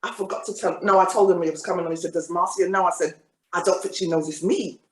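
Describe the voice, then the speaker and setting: A woman from England hosting a casual radio podcast, keeping things familiar with quick yeahs and friendly asides. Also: fairly low pitch, steady tone. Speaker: podcast host. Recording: echoey with faint background noise.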